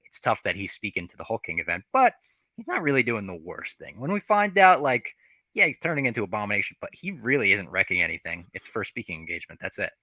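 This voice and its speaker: A man's voice: fairly low pitch, very animated, fast talker, sharp tone, dry recording. A man co-hosting a podcast, animatedly retelling a TV episode with casual profanity. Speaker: podcast co-host.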